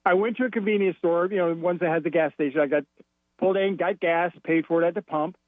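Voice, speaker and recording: A man from Florida, calling in to radio, dramatizes a quarrel by acting out each side. His voice runs a little high and fast, and the tinny phone audio is dry, with no room sound.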